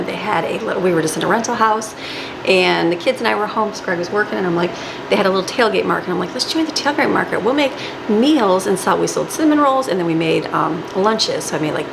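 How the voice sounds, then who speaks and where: Mom rambling while she bakes, gravelly voice, noisy kitchen. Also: mid-range voice. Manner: rambling, laughs often, talks while cooking. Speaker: homemaker and mom baking at home. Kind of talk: casual chatty kitchen vlog. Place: home kitchen. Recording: noisy home kitchen recording.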